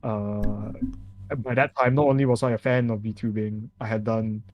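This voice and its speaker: A man's voice: lowish voice, level tone, normal speed, lo-fi sound. A man talking as a guest in a casual podcast chat, rambling with lots of restarts and filler. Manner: rambling, with many restarts and laughs. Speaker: guest, VTuber agency manager.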